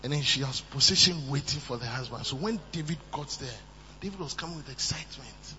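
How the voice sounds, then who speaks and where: Male preacher, bright piercing tone, shouts for emphasis, long hall reverb on a dull recording. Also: mid-range voice, brisk. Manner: animated, switching between soft asides and shouted emphasis. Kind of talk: sermon. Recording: muffled, with long hall reverb and faint hum.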